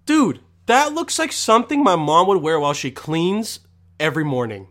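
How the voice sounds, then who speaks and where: A man's voice: high-pitched, very animated, moderate pace, a bit bright. A young man ranting to camera with constant swearing, rambling and mock exasperation. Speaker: vlogger. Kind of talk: profane comedic rant.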